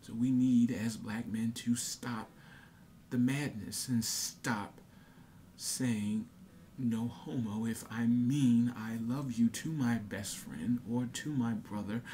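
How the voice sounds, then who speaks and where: A man's voice: mid-range voice, darkish tone, a little hiss or hum. A young man talking earnestly to his camera in a casual monologue, repeating himself with many fillers and restarts. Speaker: vlogger.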